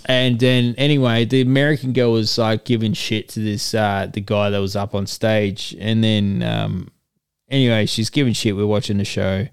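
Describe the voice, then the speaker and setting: A man tells a long, crude story in casual chat. His voice sounds smooth and resonant, and the room is dry and close. He jumps into other people's voices as he goes. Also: fairly low pitch, moderate pace, no room sound. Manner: rambling crude anecdote, animated quoting. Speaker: storyteller guest.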